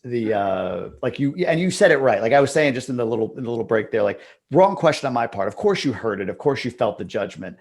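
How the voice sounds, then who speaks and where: A man with a gravelly, slightly creaky voice hosts a casual interview. He rambles a little and restarts his sentences as he hands questions to his guest. His pitch sits right in the middle for a man. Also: expressive, quick pace, few pauses, a little mellow. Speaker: host.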